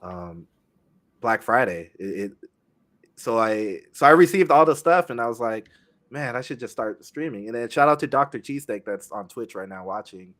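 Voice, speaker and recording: A young man talks on a podcast in a low-set voice. He speaks haltingly and softly, stopping and restarting often as he tells his story. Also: lively intonation. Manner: halting, many fillers and restarts, soft-spoken. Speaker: guest streamer. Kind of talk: casual podcast chat.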